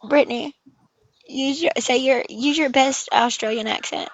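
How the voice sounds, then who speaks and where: Woman streamer, flustered and gravelly, higher pitch. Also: fairly even intonation, moderate pace, no room sound, dull audio. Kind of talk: casual chat on a livestream.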